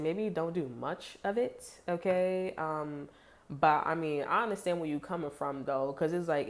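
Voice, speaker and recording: A woman giving a casual tarot reading to viewers, chatty and blunt, swearing freely with lots of "like" fillers. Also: sits low. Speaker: tarot reader.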